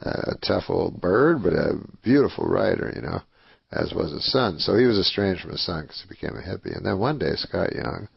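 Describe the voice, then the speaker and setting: A man from Canada, a talk show guest, telling a story in a deadpan, rambling way full of fillers. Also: low-pitched, fairly quick, vocal fry, slightly rough, no room sound, highs cut off. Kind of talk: casual chat.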